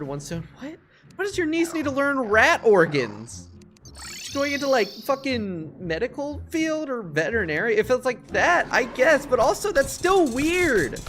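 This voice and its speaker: A man's voice: sits high, fairly bright tone. A man streaming a video game live, talking to chat in a profane, exasperated rant. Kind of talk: live gaming stream commentary.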